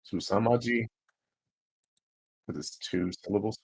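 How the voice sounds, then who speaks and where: A man's voice: fairly low pitch, steady tone, measured pace, husky, no room sound. A man streaming, chatting casually, swearing freely and sounding out foreign words syllable by syllable. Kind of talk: casual livestream chat.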